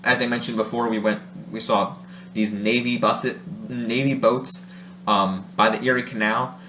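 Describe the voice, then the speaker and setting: Speaking on the low side with fairly even intonation, a man from Ohio, USA, vlogs at a moderate pace in a sharp tone. It's a rambling, casual monologue full of self-corrections and laughs, captured in a roomy room with a faint hum.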